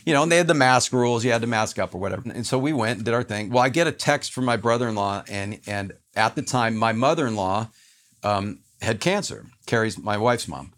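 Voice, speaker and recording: An earnest man with a fairly low voice shares a personal story as a podcast guest. He tells it in a lively way and slips into quick impressions of the people involved. He also pauses to reflect on what the story means. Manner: animated storyteller, acts out others' lines.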